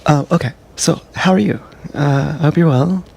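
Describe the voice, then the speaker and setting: A man's voice: on the high side, moderate pace, creaky, a little mellow, slightly rough. A man talking casually on a live stream from an action camera, meandering and self-deprecating with frequent hesitations. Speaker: vlogger. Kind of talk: rambling live-stream monologue. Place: outdoors or on the move, GoPro. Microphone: action camera mic.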